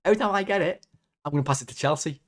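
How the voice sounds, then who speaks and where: A man's voice: a little high, racing, voice pushed up, lightly acted. A man mimicking a smug male footballer who gloats about a silly trick, with a teasing, sing-song delivery. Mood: mocking, gloating.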